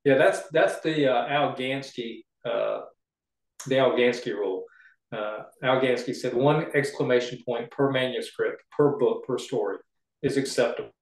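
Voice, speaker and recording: Male writing coach, mid pitch, chatty and example-driven, roomy echo. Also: moderate pace. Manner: chatty, explains with homey examples. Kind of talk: casual teaching chat.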